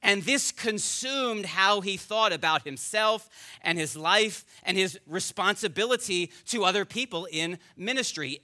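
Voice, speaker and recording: A man's voice: sits high, expressive, a little slow, bright, forceful tone. A man preaching a sermon as pastor, earnest and rising to emphatic peaks, at times addressing the children directly.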